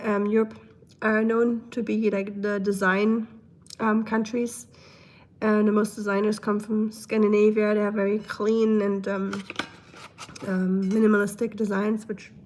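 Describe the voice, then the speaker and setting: Reading comments and chatting casually, a young woman runs a live stream, goofy and quick to laugh. Her mucus-filled throat has her clearing it constantly. She has a mid-range, slightly mellow voice, level in tone and unhurried.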